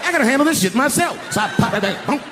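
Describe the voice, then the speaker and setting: An older man telling a profane, animated stand-up story on an arena stage, acting out voices as the crowd laughs. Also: extremely high pitch, rapid-fire. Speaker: stand-up comedian. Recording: live arena recording with crowd noise. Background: crowd laughing and cheering.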